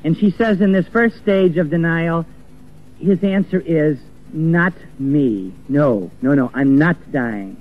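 A man's voice: a little high, takes it slowly. A man preaching an earnest sermon, acting out the voices of the people he quotes. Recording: tinny phone-like old recording with faint music.

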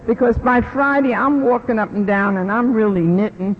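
A middle-aged woman gives an animated personal testimony at a recovery meeting, acting out the voices she quotes. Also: on the high side, moderate pace, breathy edge. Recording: lo-fi recording in a reverberant hall.

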